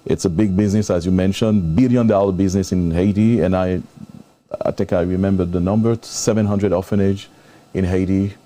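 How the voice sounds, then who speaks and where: A man's voice: deep voice, steady tone, brisk, mellow. A man hosting a live interview show, openly moved and thanking his guest at length. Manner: emotional, effusive thanks. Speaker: host.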